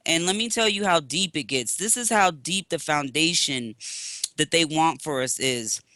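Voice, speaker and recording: Brief: male co-host, bright, tense voice, dry close sound, preacher-like storyteller who talks to listeners as family. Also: on the high side, moderate pace, no echo. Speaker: co-host, spiritual practitioner. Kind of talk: animated spiritual talk-radio storytelling.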